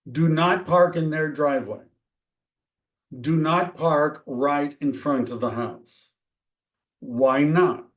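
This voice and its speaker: A man's voice: on the high side, slow pace, long pauses. Conversational man coaching agents. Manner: conversational, acts out dialogues. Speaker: real estate trainer. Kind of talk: training talk.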